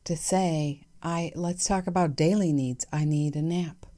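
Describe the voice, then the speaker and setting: Mellow, low-voiced woman podcast host. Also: fairly even intonation, measured pace. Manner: candid, self-reflective, chatty with soft laughs. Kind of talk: reflective solo podcast monologue.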